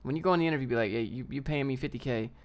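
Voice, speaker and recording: A man's voice: medium pitch, rapid-fire. A young man hosting a casual livestream, ranting in a brash, slangy way and reading out viewer comments. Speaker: livestream host.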